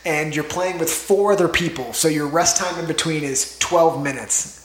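A man with a fairly high-pitched voice talks at normal speed, a crowd audible behind him in an echoey room. Co-hosting a laid-back podcast, he tells stories full of swearing and animated impressions of other people.

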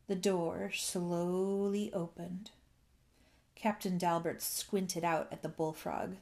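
A woman reading a children's storybook aloud in a gentle storytelling manner. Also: on the low side, steady tone, slow, gravelly. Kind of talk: scripted narration.

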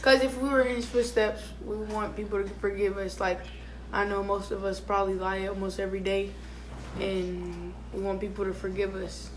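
A woman's voice: mid-range voice, flat delivery, normal speed, noisy background. A teenage girl on a talk show panel, speaking earnestly about school. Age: teens. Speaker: panel guest.

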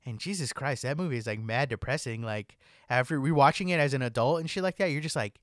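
In casual podcast chat, a young co-host stays laid-back while swearing heavily and constantly saying "like." His mid-range voice moves at a quick pace, captured on a dry close mic with no room sound.

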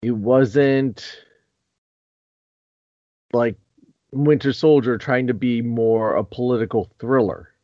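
A man's voice: medium pitch, slow, long pauses, no echo, highs cut off. A man hosting a podcast, talking casually and rambling with restarts. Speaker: podcast host.

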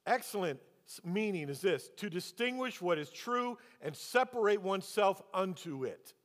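The recording, heavy with long hall reverb, features a male preacher whose voice sits high and sounds expressive at a normal speed. His sermon moves from a personal anecdote to pointed rhetorical questions aimed at the congregation.

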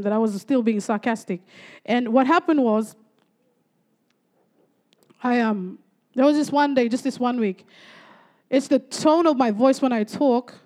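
Young woman, high voice, chatty church testimony with lots of praise-the-lords. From Torres Strait, Australia. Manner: lively storytelling with frequent praise interjections. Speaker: church speaker giving testimony.

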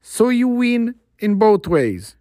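A man's voice: sits high, big pitch swings, slow pace, dark tone, no room sound, studio quality, pitched above the performer's own voice, full character voice. A man voicing a bold young male sailor hero in a spoken story, eager and confident.

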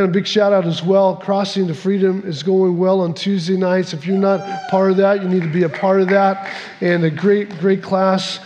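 High-voiced preacher in an echoing church. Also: male voice, a little mellow. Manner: conversational, personal storytelling with frequent restarts. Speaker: pastor. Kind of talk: sermon.

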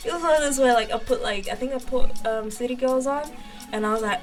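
A woman's voice: high voice, fast, soft background music. A woman in her twenties from Namibia, co-hosting a casual chat, telling stories with lots of giggles and "like". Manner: giggly, animated storytelling with lots of "like". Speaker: podcast co-host.

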